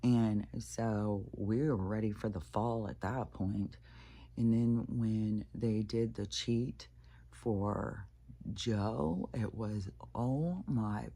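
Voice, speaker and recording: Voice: mid-range voice, steady tone, slow, vocal fry, dark tone, husky. A spiritual vlogger ranting in a loose, rambling monologue, swearing often and restarting sentences, with laughs between sentences. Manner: profane, ranting, full of fillers and restarts.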